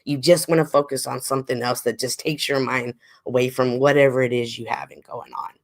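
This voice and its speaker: A chatty woman hosts a casual livestream and reads out her chat. Her voice carries a gravelly fry and sounds a little stuffy. She swings between loud exclaims and near-whispered asides. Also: very deep voice, steady tone, brisk. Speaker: livestream host.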